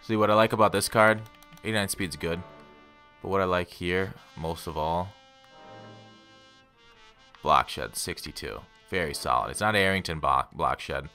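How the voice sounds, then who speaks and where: A man's voice: low-pitched, moderate pace, pauses often, sharp tone, soft background music. A man giving rambling, casual commentary on his gameplay and talking straight to his viewers. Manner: rambling, self-deprecating, talks to viewers. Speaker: gaming YouTuber.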